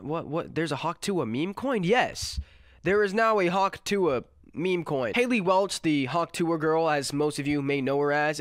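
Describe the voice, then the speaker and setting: A man's voice: fairly high pitch, fairly bright tone, dry recording, clean studio sound. A sick young man with a nasal voice, giving crude, sarcastic commentary as a channel host. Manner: sarcastic, crude, fast-cracking jokes. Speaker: commentary YouTuber. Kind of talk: mocking internet commentary.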